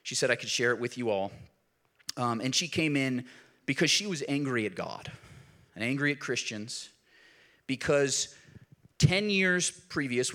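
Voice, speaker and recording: A middle-aged man, a pastor, preaching a sermon in an animated storytelling way, rising to loud emphasis and dropping to quiet. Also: medium pitch.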